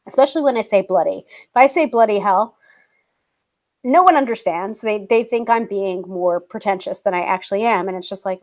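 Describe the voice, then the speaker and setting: Young American woman hosting a casual livestream, chatty and rambling, quick to laugh. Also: medium pitch. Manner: chatty and rambling, lots of fillers, frequent laughs. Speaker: livestream host. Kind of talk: casual livestream chat, reading viewer comments.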